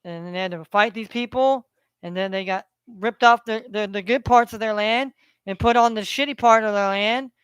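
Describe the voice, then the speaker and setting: Profane ranting man, smooth voice. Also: sits high, normal speed, a bit bright, no echo. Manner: profane, preachy, repeats phrases. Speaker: vlogger. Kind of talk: ranting monologue.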